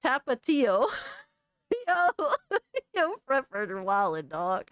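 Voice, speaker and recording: A woman's voice: mid-range voice, wildly swooping pitch, extremely slow, fairly bright tone, smooth, no room sound, studio quality. A woman hosting a gaming news live stream, chatting casually with viewers in a loose, profane way and laughing often. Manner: loose and profane, laughing often, calling people brother and dog.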